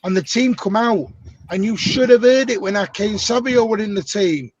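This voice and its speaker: Husky, high-voiced man on a dull call line. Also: moderate pace. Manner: chatty, teasing, repeats himself. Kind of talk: casual fan-stream chat.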